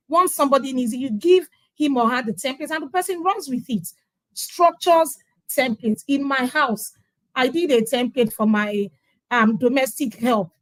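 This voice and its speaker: Speaking close to the mic in a dry space without echo, a middle-aged woman with a Nigerian accent and a somewhat high voice talks about raising her children. She's a guest in a conversational interview, telling her testimonial emphatically and voicing the other people's lines herself.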